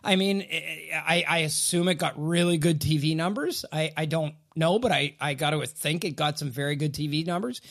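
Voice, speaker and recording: An opinionated man co-hosting a casual podcast, talking in bursts with plenty of repeated words and restarts. His voice sits a little on the higher side. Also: normal speed, vocal fry, hardly any pauses, a bit bright. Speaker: podcast co-host. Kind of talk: casual hockey podcast chat.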